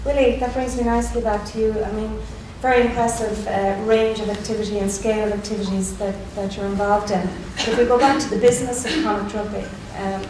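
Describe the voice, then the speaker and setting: A woman moderates a conference panel in a level, even voice, polite and measured. She sounds distant in a very echoey hall, with clear background noise. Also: mid-range voice.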